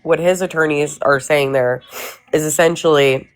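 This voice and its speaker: Guy in a group chat, measured, sums stuff up. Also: a little high, fairly even intonation. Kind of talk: casual group discussion.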